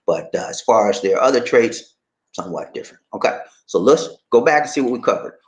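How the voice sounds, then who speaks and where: Host, middle-aged American man, loose and jokey delivery, very lively pitch. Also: fairly quick, highs cut off. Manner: animated, jokey, swings into high excited voice. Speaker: channel host. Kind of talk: casual talk to camera.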